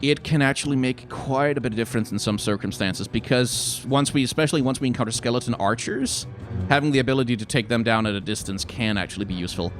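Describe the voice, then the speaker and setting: A man talks his way through a dungeon game in easy, off-the-cuff commentary, reasoning aloud about loot and swearing casually. His voice sits at a middling pitch. Game music plays loudly beneath him. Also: fast talker. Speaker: let's play host.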